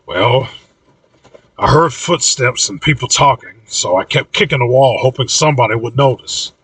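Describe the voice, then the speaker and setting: A man's voice: mid-range voice, moderate pace, a bit bright, slightly rough, no room sound, far from the mic. A man voicing a cranky, blunt elderly man in his seventies in an audiobook reading.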